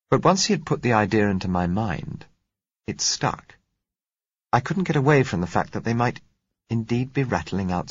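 Deep husky man reading a novel. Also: dry recording. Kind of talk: audiobook narration. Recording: muffled lo-fi recording.

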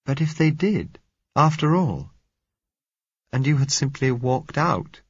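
A soft, unsteady young woman pleads in a quiet, slightly raised voice, as a male storyteller puts her on. The reading is dull and lo-fi, close and dry. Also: mid-range voice, lively intonation, takes it slowly, husky, no echo, voice pushed up, full character voice. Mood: pleading.

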